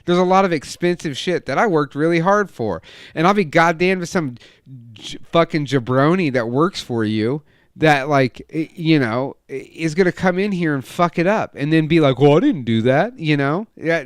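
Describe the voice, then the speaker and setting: Profane, animated man telling a story. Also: moderate pace, smooth, dry recording, clean studio sound. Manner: profane, animated storytelling, acts out quotes with loud raised pitch. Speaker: podcast co-host. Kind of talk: casual chat, storytelling.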